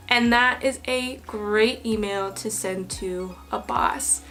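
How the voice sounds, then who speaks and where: A young woman teaching business English, explaining clearly and reading example emails aloud with patient care. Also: medium pitch, takes it slowly, hardly any pauses, a bit bright, soft background music. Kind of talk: online lesson explanation.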